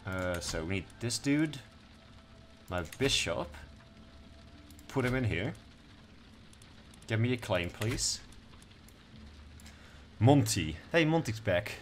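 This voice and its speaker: A young man, chatting casually over a strategy game. His voice sits fairly low, and he talks in a relaxed, offhand way, cursing freely and reading in-game text out loud, with a faint hum of noise behind him. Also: slow, long pauses. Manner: laid-back, swears casually, reads game text aloud. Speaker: gaming streamer. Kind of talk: casual let's-play commentary.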